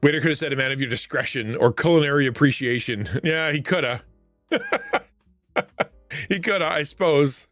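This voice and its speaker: A man's voice: fairly high pitch, moderate pace, pauses often, fairly bright tone, no room sound, faint music behind. A man hosting a live stream, chatting casually with viewers and retelling funny stories, laughing often, with a stuffy nose. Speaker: livestream host.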